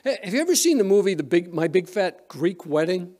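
Man, pastor, sermon, slightly high voice, conversational storytelling, frequent restarts. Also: very animated, fairly quick, dark tone. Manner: storytelling, retelling scenes with quoted voices. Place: church sanctuary.

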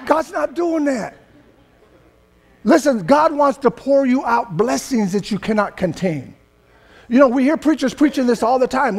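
Older california preacher guy, really high voice, chatty sermon that gets loud and shouty. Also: expressive, unhurried. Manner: loose, conversational preaching that swells into emphatic shouting. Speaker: pastor.

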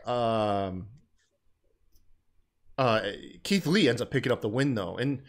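A relaxed man co-hosting a chatty podcast, speaking at an ordinary middle pitch. He keeps things loose and jokey, with an easygoing, conversational flow. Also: slow pace. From American South. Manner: laid-back, jokey, acts out quotes in voices. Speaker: podcast co-host. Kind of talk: casual chat recapping wrestling.

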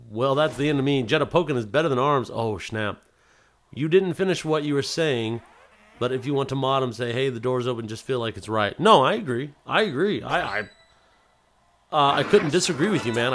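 A young man streaming a game live, rambling casually while reading chat aloud and breaking into hyped shouts. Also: fairly high pitch. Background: music.

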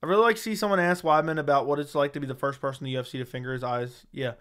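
A man's voice: fairly high pitch, steady tone, very fast, a bit bright, clear, resonant tone. A man hosting a casual livestream, reading viewer chat aloud and giving blunt, sarcastic, slangy replies into a studio microphone.

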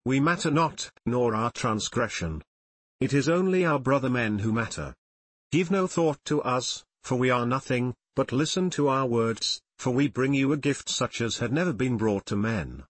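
In this audiobook, an earnest young outcast inventor, read by a man, pleads with the men around him. The husky voice stays at a middle pitch and sounds close and dry. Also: animated, moderate pace, no room sound, close to an everyday voice. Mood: pleading.

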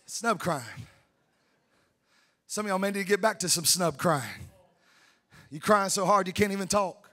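A man preaching a sermon, fervent, swinging between shouted peaks and hushed tender asides. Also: high-pitched, normal speed, long pauses. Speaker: pastor. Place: church sanctuary.

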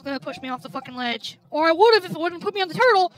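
A woman host playing a video game while drinking, swearing loudly at the game and muttering complaints between outbursts. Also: extremely high pitch, animated, rapid-fire. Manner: loud cursing outbursts at the game; grumbling under her breath between outbursts. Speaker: gaming channel host. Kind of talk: let's play commentary while drinking. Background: game music.

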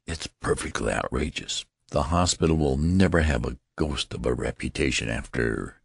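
A man reading the lines of a severe, contemptuous woman nurse who speaks in a hushed voice. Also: very deep voice, moderate pace, creaky, no echo, clean studio sound.

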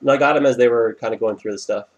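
A man playing a shooter game with a friend, talking casually, swearing and excitedly recounting his fights. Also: medium pitch, rapid-fire. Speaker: gamer recording his play. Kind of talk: casual gameplay chat with a friend.

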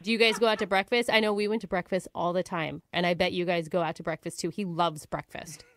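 A woman's voice: lowish voice, fairly even intonation, fast talker, dry recording, pitched below the performer's own voice, close to an everyday voice. A woman radio host playing a dramatic, gossipy ex-wife on a prank call, telling her story breathlessly.

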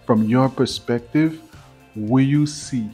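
A man's voice: medium pitch, slow pace, dark tone, faint music behind. A man hosting a vlog, chatty and hyping up his viewers. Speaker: vlog host. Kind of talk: casual commentary.

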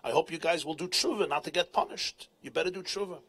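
A man voicing a pompous preacher who has turned shrill and terrified, shrieking panicked protests. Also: fast, bright, forceful tone, slightly rough, heavily acted. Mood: smug.

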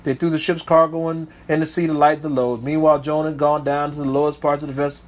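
A man preaching as a pastor, reading Bible verses aloud and breaking off to comment with emphatic asides. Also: on the high side. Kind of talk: sermon with scripture reading.

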